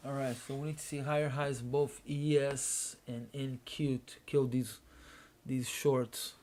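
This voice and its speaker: A man streaming his trading session, thinking aloud in a casual, unhurried way with pauses and restarts, sleepy and yawning. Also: medium pitch, little pitch movement, darkish tone. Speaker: day trader streaming a live trading room.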